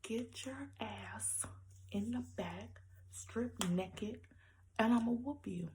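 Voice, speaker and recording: A woman's voice: on the high side, slow pace, a little mellow, slight background noise. A woman voicing an angry, threatening man who mocks her. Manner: mocking, threatening.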